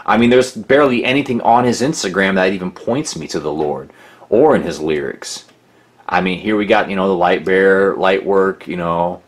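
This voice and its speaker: A man with a deep voice talks through a critical documentary in a loose, rambling way. He is sarcastic and mocking, full of asides and restarts. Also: moderate pace. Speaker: documentary narrator. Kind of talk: casual critical commentary.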